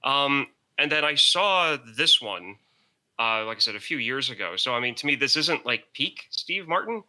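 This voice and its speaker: A man's voice: mid-range voice, expressive, moderate pace, sharp tone. A man co-hosting a podcast in casual chat, rambling and hesitant, often hunting for words. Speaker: podcast co-host.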